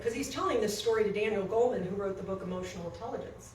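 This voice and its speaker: A woman telling a story in a coaching session, animated and acting out quotes, recorded off-mic in an echoey room with faint noise. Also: medium pitch, very fast, far from the mic.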